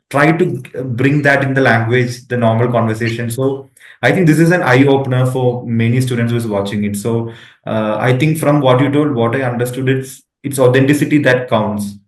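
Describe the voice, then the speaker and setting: A man hosting an interview, asking questions casually and hesitantly, with many restarts and fillers. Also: mid-range voice. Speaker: interview host. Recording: echoey room.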